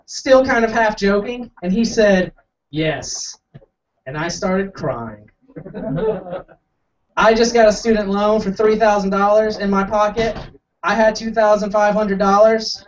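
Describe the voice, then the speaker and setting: A young man does stand-up storytelling in a small coffee house, rambling, mocking himself, and acting out the quotes. His high-pitched voice has fairly even intonation and a measured pace. The recording is distant, dull, and lo-fi, with a little hiss or hum.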